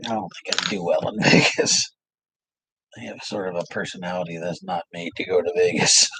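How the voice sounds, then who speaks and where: A man's voice: low voice, steady tone, fairly quick, bright, forceful tone, husky, poor audio. A man streaming, chatting casually and laughing often while he saws and files at a workshop project, rambling and joking at his own expense.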